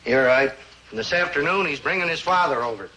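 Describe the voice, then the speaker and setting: A man's voice: on the high side, animated, brisk, sharp tone, a little hiss or hum, low-quality recording. An actor playing a sardonic middle-aged father who grumbles about household spending. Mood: grumbling.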